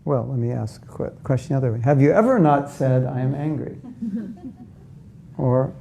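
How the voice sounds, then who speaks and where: A man's voice: medium pitch, sing-song, moderate pace, vocal fry, warm tone, a little hiss or hum. A man giving a conversational spiritual talk to a live audience, often asking them questions and acting out inner voices. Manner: acts out inner voices in quotes. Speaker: spiritual teacher.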